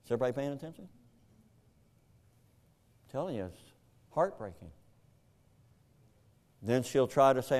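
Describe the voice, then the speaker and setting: An older man, a pastor, preaching a sermon and telling a painful family story, jumping between shouted questions and hushed, heavy passages. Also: medium pitch, lively intonation, moderate pace, pauses often.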